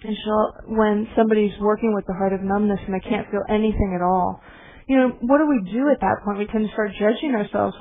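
A middle-aged woman meditation teacher giving a gentle, reflective dharma talk with pauses. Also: medium pitch, fairly even intonation. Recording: tinny phone-like recording.

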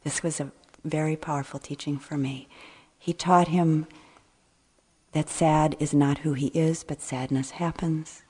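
An older woman giving a dharma talk as a meditation teacher, speaking slowly and reflectively, with trailing phrases that sometimes sink to a near whisper. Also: low-pitched, fairly even intonation, a little mellow, husky.

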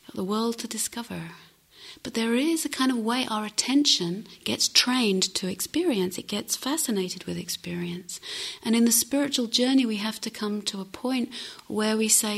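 A middle-aged woman meditation teacher giving a gentle, reflective dharma talk with unhurried pauses. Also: a little high, creaky, slightly rough.

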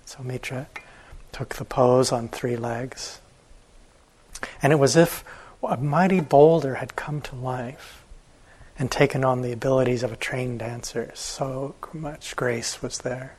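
A man, a meditation teacher, telling an old fable in a gentle, unhurried way during a morning talk. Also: mid-range voice, fairly even intonation, breathy edge, poor audio.

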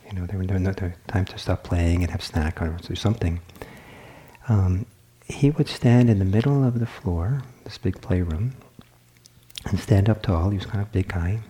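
A man giving a dharma talk as a meditation teacher at a retreat, speaking gently and reflectively, often halting and restarting his sentences. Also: low-pitched.

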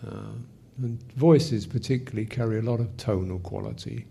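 An older man from England teaching meditation, speaking in a reflective, thinking-aloud way with touches of gentle humor. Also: lowish voice, moderate pace, vocal fry, slightly rough. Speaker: meditation teacher answering questions. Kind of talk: unhurried Dharma talk.

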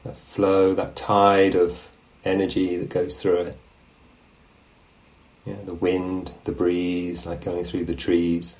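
A man with a fairly low voice gives a loose, conversational dharma talk as a meditation teacher. He often pauses to check in with his listeners with a quick "yeah?". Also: completely flat delivery, a little mellow.

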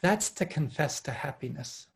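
A man with a husky, slightly breathy voice that sits a little high for a man gives a heartfelt talk at a meditation retreat. He speaks with lively warmth and enthusiasm, often restarting his phrases and breaking into soft laughter. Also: moderate pace. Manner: earnest and animated, with frequent restarts and soft laughs. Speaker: meditation teacher. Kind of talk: dharma talk at an online retreat. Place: home, over a video call.

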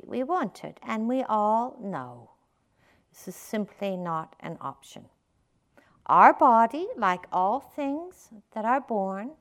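An older woman giving a dharma talk as a meditation teacher, conversational and playful with frequent fillers. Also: medium pitch.

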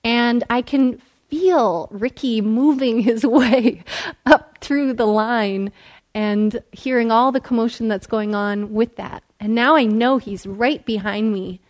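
A woman teacher shares a story during a meditation talk. Her voice sits somewhat high, and her manner is gentle and relaxed, with frequent soft laughter. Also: takes it slowly. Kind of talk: dharma talk.

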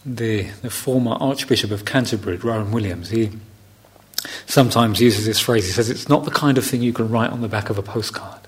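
A man, a meditation teacher giving a gentle, reflective dharma talk on a retreat. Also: on the low side. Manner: gentle, reflective, unhurried with soft laughs.

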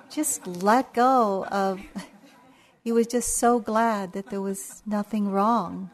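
An older woman giving a dharma talk as a meditation teacher, telling stories in a gentle, unhurried way. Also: mid-range voice, fairly even intonation. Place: retreat hall.

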